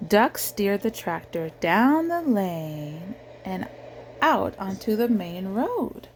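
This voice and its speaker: Animated woman reading a picture book aloud. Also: mid-range voice, slight background noise. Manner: gentle, animated, pauses to ask the child questions. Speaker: reader of children's books.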